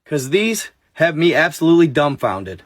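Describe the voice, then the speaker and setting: A man's voice: a little high, very animated, moderate pace, no echo. A man narrating a story and chatting casually to his viewers, addressing them directly. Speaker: narrator and vlogger.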